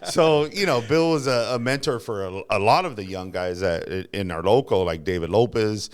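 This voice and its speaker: A man telling stories from his working life in a casual podcast chat, animated and laughing at himself. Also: lowish voice, moderate pace, smooth. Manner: animated storyteller, acts out quotes, laughs at himself. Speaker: union guest telling stories.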